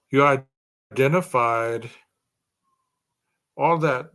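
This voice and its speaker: A man's voice: medium pitch, fairly bright tone. A man hosting a true crime podcast, speculating aloud through a string of rhetorical questions.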